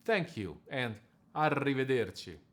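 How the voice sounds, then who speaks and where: Measured male diction coach. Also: mid-range voice, expressive. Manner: measured, precise explanations. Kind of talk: scripted instructional narration.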